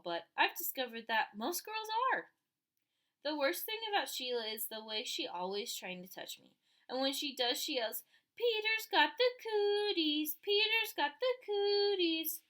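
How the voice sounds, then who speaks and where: A woman reading a children's novel aloud, telling it with lively character voices. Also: a little high. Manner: animated storytelling with voiced characters. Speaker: audiobook reader.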